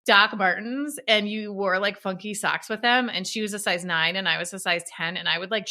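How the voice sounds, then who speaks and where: A woman hosting a podcast interview, expressive and chatty, tossing in personal asides before her questions. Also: mid-range voice. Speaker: podcast host. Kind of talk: casual interview.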